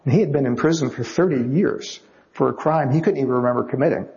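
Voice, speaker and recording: A man, a novelist being interviewed, telling anecdotes in a lively way and acting out the voices of the people in them. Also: medium pitch, fast talker, highs cut off. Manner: lively storyteller acting out quotes. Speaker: novelist guest.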